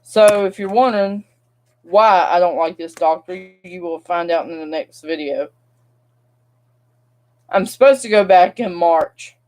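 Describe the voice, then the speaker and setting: A woman's voice: on the low side, measured pace, pauses often, darkish tone. Frustrated young woman venting. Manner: frustrated, rambling, talks straight to viewers. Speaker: vlogger. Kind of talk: casual vlog rant.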